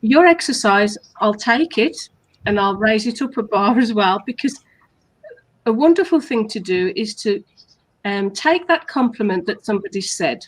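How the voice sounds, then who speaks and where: A woman's voice: mid-range voice, lively intonation, moderate pace. A woman co-hosting a casual coaching chat, patiently explaining steps and acting out sample compliments. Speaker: hypnotherapist co-host.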